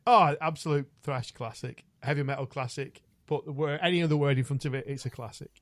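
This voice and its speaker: A man's voice: mid-range voice, brisk, dry recording. A man co-hosting a podcast, enthusiastic and blunt, often laughing. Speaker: podcast co-host. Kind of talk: casual chat.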